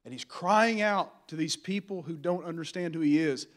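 High-pitched guy preaching, casual jokey pastor vibe that gets fired up. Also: moderate pace. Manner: folksy, humorous preaching with rising fervor. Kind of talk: sermon.

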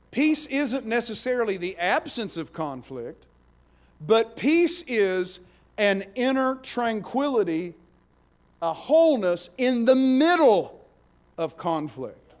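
High-voiced preaching man. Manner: emphatic preaching, swinging between hushed and loud. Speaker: pastor. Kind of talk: sermon.

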